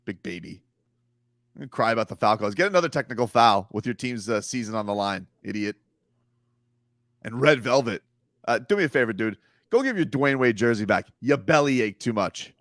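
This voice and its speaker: Animated trash-talking sports radio man. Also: mid-range voice, normal speed, no room sound, studio quality. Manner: mocking, rhyming trash talk with put-on whiny voices. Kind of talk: sports talk radio banter.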